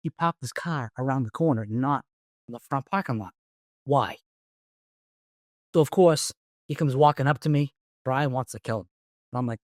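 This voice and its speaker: A middle-aged man tells an old police case in a blunt, profane way, playing out both sides of the conversation. His voice sits at an ordinary middle pitch. The recording is dry and close, with no room sound. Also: brisk, pauses often, dry recording. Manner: blunt, profane, animated storyteller acting out dialogue. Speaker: retired police detective, guest. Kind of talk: storytelling in a podcast interview.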